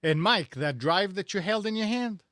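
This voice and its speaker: A man with a high, animated, slightly bright voice co-hosts a tech radio talk show at a moderate pace, recorded in clean studio sound with no echo. He talks casually, rambling and sarcastic, restarting and correcting himself often.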